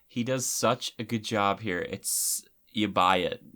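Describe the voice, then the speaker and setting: A man's voice: fairly low pitch, takes it slowly, sharp tone. A man giving casual commentary over a film, chatty and rambling, with lots of filler words.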